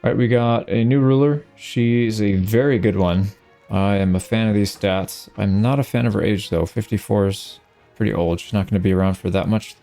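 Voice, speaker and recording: A man's voice: fairly low pitch, fairly even intonation, normal speed, warm tone, soft background music. A man hosting a let's play, casually thinking aloud and puzzling over his moves in a strategy game. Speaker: gaming channel host.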